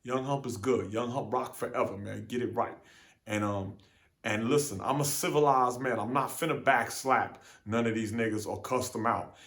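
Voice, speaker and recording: A young man talking straight to camera in a casual, profane monologue, venting with lots of repeats and fillers. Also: medium pitch. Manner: animated, profane street talk, repeats "man". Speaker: vlogger.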